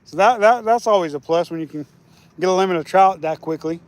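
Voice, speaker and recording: A man's voice: high voice, fairly quick. A man fishing outdoors by a lake, chatting casually on a live stream in an easygoing, rambling way. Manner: easygoing, rambling, restarts often.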